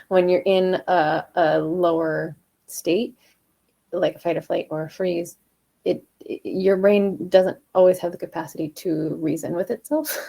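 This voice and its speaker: A woman vocal coach leading a live online singing lesson, switching between calm explanation and loud, short staccato "ha" exercises that leap high into head voice. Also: gravelly, slightly rough. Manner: relaxed explaining with chuckles and fillers.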